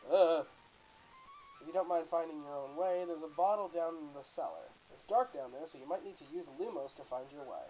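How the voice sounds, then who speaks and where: A man's voice: fairly high pitch, lively intonation, a little fast, warm tone, muffled recording, faint music behind, close to an everyday voice. A man voicing a helpful middle-aged innkeeper in a put-on British accent, reading game dialogue.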